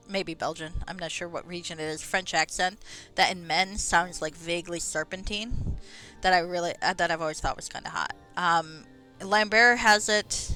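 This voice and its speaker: A woman chats through a game stream with a bright, lively voice that swoops up and down as she rambles off on tangents, curses and teases herself. She sits close to the mic, her breathing audible, with faint music in the background. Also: on the low side. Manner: chatty, tangents, swears, laughs at herself. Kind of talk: casual rambling chat. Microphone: close microphone.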